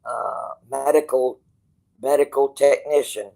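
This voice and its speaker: A man with a rough, gravelly voice talks to his viewers at an unhurried, drawn-out pace. He rambles and restarts, acts out the dialogue of others, and swears casually as he goes. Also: medium pitch, fairly even intonation, warm tone, low-quality recording. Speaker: channel host.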